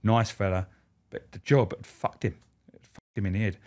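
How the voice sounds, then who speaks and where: On the low side and at a normal pace, a man who used to work as a prison officer tells unfiltered stories with cursing. He animates them by voicing the people he quotes.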